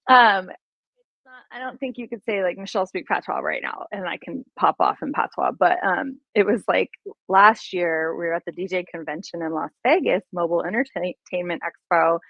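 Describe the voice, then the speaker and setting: A woman's voice: lowish voice, normal speed, vocal fry, no room sound. A woman guest recounts her anecdotes with animation, laughing often as she talks. The sound is dry and a little muffled, with no room around it. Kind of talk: casual storytelling in an interview.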